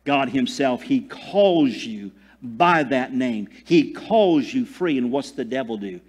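A man preaching a sermon, swinging from loud declarations to hushed near-whispers, with asides and jokes. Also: medium pitch, expressive, slow. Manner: tells jokes and laughs at himself. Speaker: pastor.

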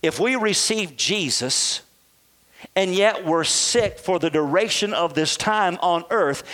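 High-voiced male preacher. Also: fairly bright tone. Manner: preaching with rhetorical questions to a congregation. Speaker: pastor. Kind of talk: sermon.

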